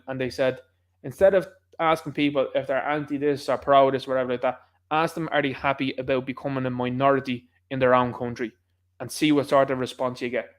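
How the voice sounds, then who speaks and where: A man with a Dublin Irish accent holds forth on his own channel in a mid-pitched voice. He talks in a combative, impassioned ramble, pressing his points hard. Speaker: channel host. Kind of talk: ranting political commentary.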